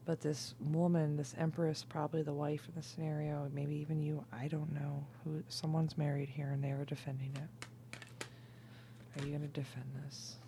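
A tipsy woman doing a casual, rambling tarot reading, swinging between loud outbursts, laughter and whispers. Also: low-pitched, completely flat delivery, moderate pace, vocal fry, noisy background. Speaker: tarot reader.

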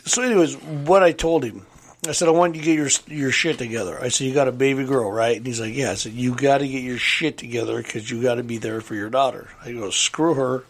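A man's voice: mid-range voice, quick pace. A man in casual chat, telling a story in a laid-back way with casual swearing. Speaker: welder, guest.

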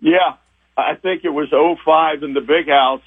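An older man with a husky voice reminisces about his years covering sports, stopping and restarting as the feelings come up. He sounds thin and tinny, as if he is calling in over a phone line. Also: a little high, steady tone. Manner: rambling, halting, sentimental. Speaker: retiring TV sports director, guest. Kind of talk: emotional interview reminiscing.

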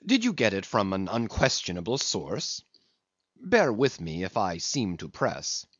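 A man reading a story aloud and voicing a courteous gentleman who questions a storyteller. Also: fairly low pitch, wildly swooping pitch, a little slow, slightly rough, no room sound, muffled recording, voice pushed down, exaggerated voice. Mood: earnest.

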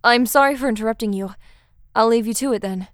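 A woman reading the lines of a shy, halting male god of the dead in a storybook narration. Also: fairly high pitch, dry recording, studio quality, lightly acted. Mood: flustered. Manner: halting, apologetic.

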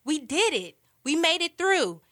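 A woman's voice: high voice, measured pace, heavily acted. An actress playing an earnest young college woman. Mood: proud. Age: young adult. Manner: heartfelt, expressive narration. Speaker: lead character and narrator. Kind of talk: audio drama narration and dialogue. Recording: score music underneath. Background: music.

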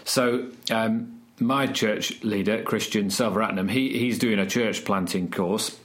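Here a student church leader chats on a podcast in a fairly low, slightly slow voice. His storytelling is lively and animated, though he often stops and starts over.

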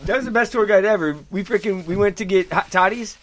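Rowdy high-voiced podcast host. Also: male voice, quick pace, a loud crowd. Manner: rowdy, swearing, bursts of shouting laughter. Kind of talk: crude casual banter.

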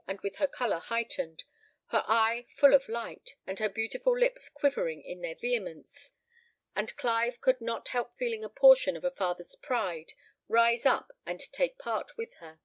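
A woman narrating a story in a measured, gently expressive reading. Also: fairly high pitch, no echo. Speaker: audiobook reader. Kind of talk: scripted narration.

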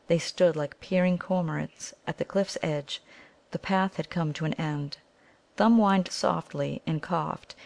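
A woman narrating a children's adventure novel in a measured way. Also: sits low, creaky, darkish tone. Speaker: audiobook reader. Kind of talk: storybook narration.

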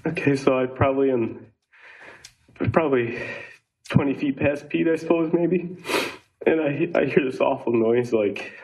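A man testifying in court, recounting events in a halting, shaken way with repeated words. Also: medium pitch, a little mellow, rough recording.

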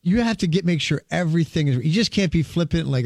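A man with a slightly high, gravelly voice chats on air about his concert business. He tells his stories eagerly, stumbles and repeats words, and acts out what others said. The sound is dry and close. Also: quick pace, no room sound. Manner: excited storyteller, quotes people, repeats words. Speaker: guest, concert promoter. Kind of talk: casual radio chat.

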